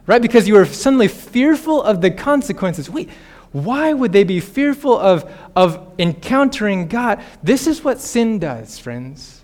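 A man in his thirties preaching a sermon, animated, with playful asides and laughter. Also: high voice, moderate pace. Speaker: pastor.

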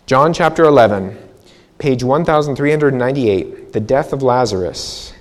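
Guy preaching a bible seminar, mid pitch, chatty, restarts a lot, lots of hall reverb. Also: animated, moderate pace, a little hiss or hum. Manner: conversational preaching with repetitions and restarts.

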